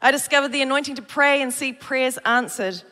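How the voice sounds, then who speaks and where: New woman preacher, high bright voice, animated storyteller, reverberant hall. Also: a little fast. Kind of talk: sermon with personal story. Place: church hall.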